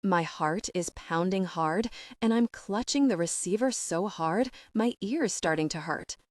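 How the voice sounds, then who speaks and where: Woman reading a romcom audiobook first person, slow and steady, dry close sound. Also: medium pitch, dry recording. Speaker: audiobook narrator.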